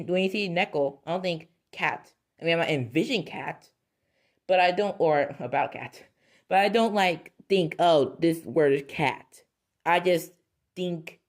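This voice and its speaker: A woman vlogger talking casually to her viewers, rambling and correcting herself, laughing often. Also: on the low side. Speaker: video creator. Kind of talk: casual talk to camera.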